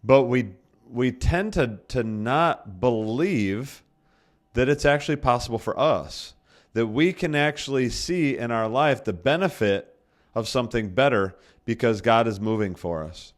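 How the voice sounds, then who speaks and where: A male pastor delivering a sermon in a mid-pitched, conversational voice. He talks to the congregation as if chatting, circling back to repeat key lines and stopping to rephrase himself as he goes. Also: a little slow. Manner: conversational preaching that restates points for emphasis; frequent self-corrections and restarts.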